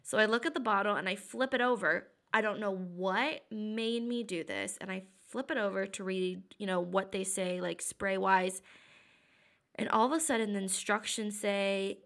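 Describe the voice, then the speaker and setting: Bright-voiced woman telling a story. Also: medium pitch, normal speed. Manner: animated storyteller, quoting others in lively bursts. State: sore throat. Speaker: podcast co-host. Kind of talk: casual storytelling chat.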